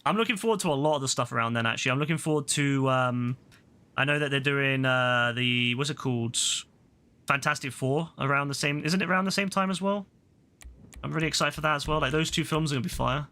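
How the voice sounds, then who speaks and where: A man streaming a game live, chatting to his viewers in an excitable, slangy way and swearing casually. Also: mid-range voice, fast talker.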